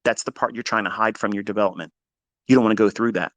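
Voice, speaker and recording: A man's voice: on the low side, steady tone, quick pace, a bit bright, no echo. A man coaching traders in a blunt, profane motivational monologue. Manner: profane, emphatic, preachy. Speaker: trading coach.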